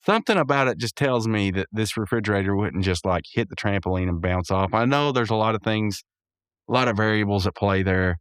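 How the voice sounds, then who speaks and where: Rambling podcast host with smooth voice. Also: male voice, lowish voice, brisk, no room sound, clean studio sound. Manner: rambling, self-correcting, laughs often. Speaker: podcast host reviewing a cartoon episode. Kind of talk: casual recap and commentary.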